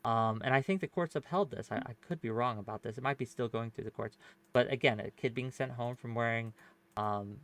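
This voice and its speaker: A man's voice: medium pitch, a little fast, a bit bright. A man hosting a debate panel, arguing his point at length with lots of fillers, restarts and rhetorical "right?" tags. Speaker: panelist and show host. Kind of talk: casual debate argument.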